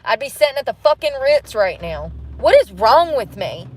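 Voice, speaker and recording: Young woman ranting in her car, kinda high voice, mad and cussing a lot, phone mic. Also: big pitch swings, normal speed, a little mellow, slightly rough. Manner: frustrated, swearing, ranting. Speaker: vlogger living in her car. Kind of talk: venting vlog. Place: inside a parked car in the rain.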